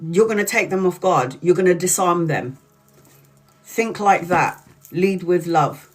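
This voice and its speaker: Woman tarot reader on a casual live stream, blunt and foul-mouthed, leans on slowed-down words. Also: fairly low pitch, faint music behind. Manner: blunt and profane, emphatic; drawls key words slowly for emphasis.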